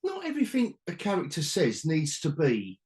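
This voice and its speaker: A man's voice: a little high, huge pitch swings, moderate pace, darkish tone. A man co-hosting a casual podcast chat, sweary and mocking. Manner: sweary, mocking, puts on silly voices. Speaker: podcast co-host.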